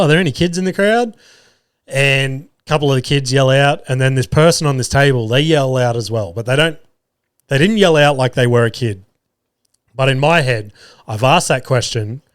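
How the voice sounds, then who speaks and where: A man's voice: medium pitch, dry recording, clean studio sound. A man, a podcast host and comedy MC, casually telling stories and swearing freely as he acts out what people said. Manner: swears freely, animated retelling with quoted voices. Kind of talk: casual storytelling chat.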